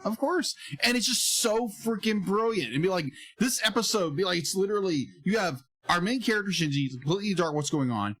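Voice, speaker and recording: A man's voice: sits high, expressive, fairly quick, few pauses, a bit bright, husky. A man co-hosting a casual podcast review, rambling and retelling scenes. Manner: rambling, heavy on "be like" fillers. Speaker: podcast co-host.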